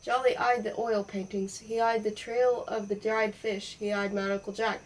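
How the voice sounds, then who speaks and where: A woman reading a children's storybook aloud in a playful, expressive way. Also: mid-range voice, normal speed, distant mic, rough recording. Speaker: audiobook reader. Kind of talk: storybook narration.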